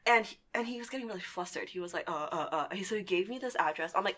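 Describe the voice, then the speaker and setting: A young woman in her twenties tells a personal story in a casual, animated way. Her pitch sits mid-range for a woman, and she swears freely as she talks. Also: a little fast. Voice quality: lively, animated retelling with swearing and laughs. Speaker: podcast guest.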